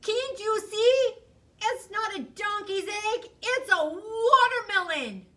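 A woman voicing a quick, sharp-tongued storybook hare who hollers in exasperation. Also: a little high, big pitch swings, far from the mic. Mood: exasperated.

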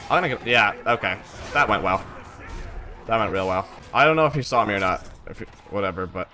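A man's voice: on the low side, animated, fairly quick, sharp tone. Exasperated young man commentating a game. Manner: swearing, exasperated running reactions. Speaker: gaming streamer. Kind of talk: let's play commentary.

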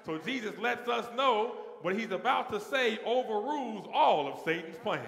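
A man's voice: high voice, lively intonation, normal speed, creaky, hardly any pauses, fairly bright tone, reverberant, in a large hall. A man preaching as the pastor of a church, building his sermon with repeated phrases that swell in intensity. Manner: preaching with rising call-and-response intensity. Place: large church sanctuary.

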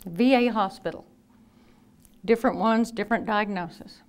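A woman in her fifties, a nurse telling lively anecdotes in a talk and acting out the people she quotes. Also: medium pitch, moderate pace. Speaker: nurse and speaker. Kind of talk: storytelling talk.

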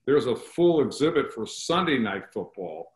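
A man's voice: medium pitch, sing-song, moderate pace, roomy sound, low-quality recording. A man hosting a podcast interview, talking enthusiastically about history and honoring guests. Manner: enthusiastic, promotional. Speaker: podcast host. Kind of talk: interview chat.

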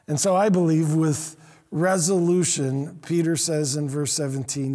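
A man preaching a sermon as pastor, earnest, repeating himself and swinging between loud and hushed lines. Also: fairly high pitch, fairly even intonation, normal speed, in a large hall. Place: church sanctuary.

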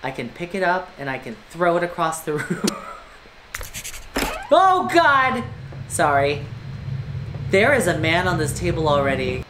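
Female let's-play host, lower voice, jumpy and foul-mouthed, roomy echo with game music. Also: big pitch swings, a little slow, pauses often, noisy background. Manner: jumpy, screams, crude jokes. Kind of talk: casual gaming commentary. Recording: echoey room with game music.

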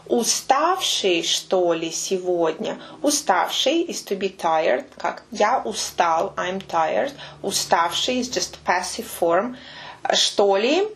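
A woman's voice: medium pitch, lively intonation. Patient woman teaching words. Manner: explains patiently, repeats words slowly and precisely. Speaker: Russian language teacher. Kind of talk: language lesson commentary.

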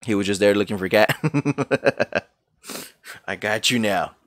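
A man with a low voice riffs casually while he plays, cursing freely and calling out viewers by name. His voice is dry and close on the microphone, with a relaxed, rambling flow. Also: slow pace, dry recording. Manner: loose, profane, greets viewers by name. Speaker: streamer. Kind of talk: casual chat while gaming.

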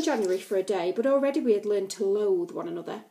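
A woman teacher reads a class novel aloud with a slightly high voice. She breaks off into playful, chatty asides to her pupils between passages. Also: fast talker, hardly any pauses, dark tone.

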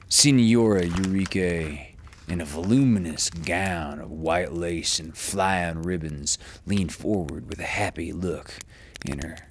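Deep slow-reading male storyteller. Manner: unhurried, measured storytelling with an occasional casual aside. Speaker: storyteller host. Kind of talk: reading classic short stories aloud.

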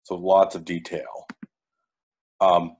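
A man presenting in an online workshop over a video call, giving a brisk explanatory overview with frequent fillers. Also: deep voice, level tone, darkish tone.

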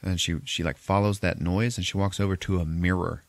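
A man recaps a movie for a podcast in casual, profane, rambling fashion, slipping into the characters' voices for their lines. His low voice holds a steady tone and carries some vocal fry, moving a little fast on a dry recording.

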